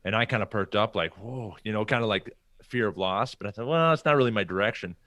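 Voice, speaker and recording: A man's voice: fairly low pitch, quick pace, dry recording. A man being interviewed on a podcast, casually telling stories from his career and acting out what other people said. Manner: animated storyteller acting out quoted people. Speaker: podcast guest.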